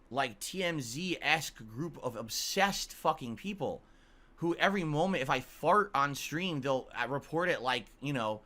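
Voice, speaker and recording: Forceful ranting man, bright voice. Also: fairly high pitch. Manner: blunt and profane, keeps asking "right?". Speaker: YouTuber and streamer. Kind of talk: ranting monologue to viewers.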